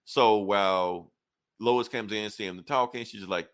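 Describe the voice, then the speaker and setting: A man co-hosting a casual comic book review podcast, retelling the plot in an animated way and acting out the characters' lines. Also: on the low side, smooth. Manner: animated retelling that acts out characters' lines in quick quoted snippets.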